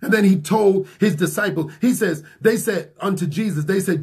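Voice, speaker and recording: A man delivers a sermon as a pastor, stacking repeated phrases and stretching words out for emphasis. His voice sits a little high and carries a husky edge. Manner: preaching with rising, repeated lines, often slowing for emphasis.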